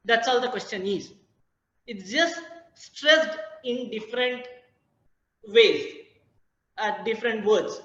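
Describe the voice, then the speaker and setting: A woman's voice: a little high, a bit bright. Give me a woman lecturing over a video call, echoey room, a bit muffled. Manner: deliberate, searching pauses with many uh fillers. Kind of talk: online academic lecture.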